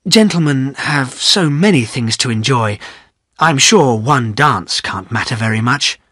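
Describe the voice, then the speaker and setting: A man's voice: medium pitch, lively intonation, a little slow, a bit bright, husky, no echo, studio quality. A man voicing a proper, reserved young woman who speaks coolly and firmly, in a storybook reading. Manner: cool, clipped.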